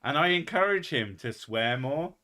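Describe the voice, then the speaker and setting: A man's voice: a little high, lively intonation, normal speed, bright, forceful tone. A man with an English accent, a mix of posh and Essex, joking and swearing in casual stream chat. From England.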